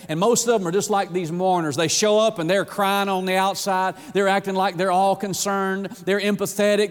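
Preacher, male, high voice, dynamic delivery dropping to a hush, long hall reverb. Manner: dynamic preaching with sudden drops to a low hush. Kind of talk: sermon.

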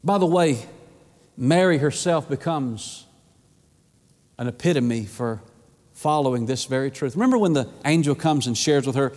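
A man's voice: mid-range voice, lively intonation, moderate pace, pauses often, a little mellow, big-room sound. A man preaching a sermon with passion, repeating phrases for emphasis. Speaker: pastor.

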